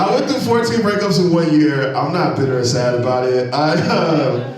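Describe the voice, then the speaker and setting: Stand-up comedian in an echoey hall. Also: male voice, on the high side, normal speed, a crowd in the background. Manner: animated, loud punchlines, laughing at own jokes. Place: comedy venue stage, live audience. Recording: very echoey hall, mic from far off.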